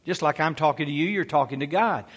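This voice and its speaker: A man's voice: on the high side, fast talker, a bit bright, slightly rough, big-room sound. A male pastor preaching a sermon, exhorting his listeners with rhetorical questions and frequent "amen" calls.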